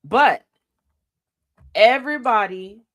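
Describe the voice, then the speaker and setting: A woman's voice: fairly high pitch, expressive, slow pace, a bit bright. A woman hosting a radio talk show, giving an opinionated commentary monologue. She speaks directly to her listeners, repeats key lines for emphasis and throws in folksy, slangy asides. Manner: emphatic, addresses listeners directly with rhetorical questions.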